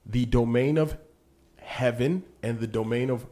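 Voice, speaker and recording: Guy on a podcast walking thru a bible story, keeps saying right?, gets fired up retelling the scenes, normal middle pitch. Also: unhurried. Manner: teacherly, checks in with "right?" often; gets animated when retelling scripture. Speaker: podcast co-host. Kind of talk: casual Bible discussion.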